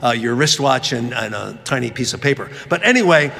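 A man's voice: mid-range voice, lively intonation, fairly quick, creaky, pushed and bright, a little hiss or hum. A man giving a sermon, telling a funny story and acting out the voices of the people in it. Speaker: preacher. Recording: long reverb of a large hall.

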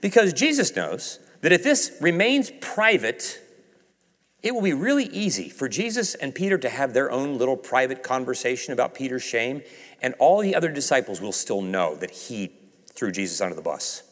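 Lively preacher man in a reverberant hall. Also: normal speed. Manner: dramatic swings from raised emphasis to hushed low delivery; acts out quoted dialogue. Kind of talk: sermon.

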